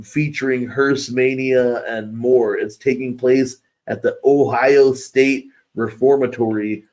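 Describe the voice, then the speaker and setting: Slow-talking man reading an announcement. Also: mid-range voice, a little mellow, poor audio. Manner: unhurried, reads news items aloud. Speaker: co-host. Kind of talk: casual chat, reading announcements.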